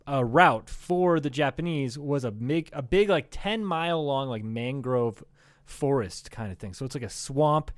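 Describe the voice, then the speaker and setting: A man's voice: mid-range voice, no room sound, studio quality. A young man from northern Iowa co-hosting a comedy podcast, swearing a lot, laughing often and acting out quotes as he tells stories. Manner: profane, laughing, storytelling with acted-out quotes. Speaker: podcast co-host. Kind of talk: casual comedy podcast chat.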